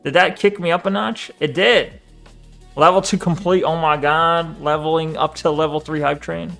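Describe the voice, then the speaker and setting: A man's voice: fairly high pitch, fairly even intonation, moderate pace, creaky, sharp tone, faint music behind. A man streaming live, reading viewers' chat aloud and answering it in a loose, swearing, chuckling way.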